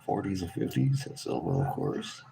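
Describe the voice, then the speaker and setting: A man's voice: sits low, big pitch swings, normal speed, gravelly, mellow, slight background noise. A man streaming live as he searches coin rolls, mumbling and half-whispering to himself so he won't wake his sleeping kids, while still getting over a cold. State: recovering from a cold. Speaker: coin-roll hunting vlogger. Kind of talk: casual live-stream commentary. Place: home room with sleeping kids.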